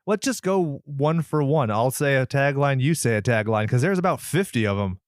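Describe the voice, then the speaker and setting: A man hosting a horror movie podcast in casual, joking banter, sarcastic and quick to swear. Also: mid-range voice, lively intonation, no room sound, clean studio sound. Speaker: podcast host.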